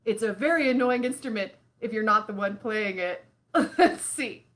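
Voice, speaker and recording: A woman hosting a live children's lesson, talking straight to the kids in an expressive way full of sighs and exclamations. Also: on the high side, moderate pace. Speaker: children's show host.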